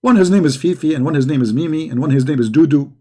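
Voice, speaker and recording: A whiny, pleading male figure begs and grumbles about his followers being too slow, as a man puts him on in mocking commentary. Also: on the high side, dark tone, slightly rough, pitched below the performer's own voice. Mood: whining. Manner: whining, pleading.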